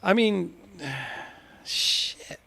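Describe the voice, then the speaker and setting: A man co-hosting a podcast in loose, profane casual chat, animated and quick to laugh. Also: high voice, creaky, husky, dry recording. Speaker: podcast co-host.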